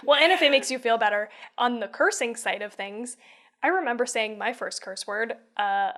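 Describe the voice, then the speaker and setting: A woman's voice: fairly high pitch, fairly bright tone. A woman co-hosting a podcast, telling stories casually and swearing freely. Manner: storytelling, swears freely, quick bursts. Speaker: podcast co-host. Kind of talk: casual chat.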